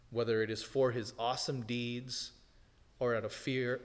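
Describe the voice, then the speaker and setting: A man preaching an expository sermon as pastor, emphatic, swinging from loud declarations to hushed, serious lines. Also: mid-range voice, flat delivery, moderate pace. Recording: long hall reverb.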